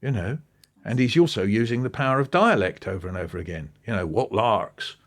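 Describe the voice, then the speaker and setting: A man, an interview guest talking with lively enthusiasm and acting out bits of what he describes. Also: on the low side, fast. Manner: animated, quoting and acting out passages. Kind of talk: podcast interview.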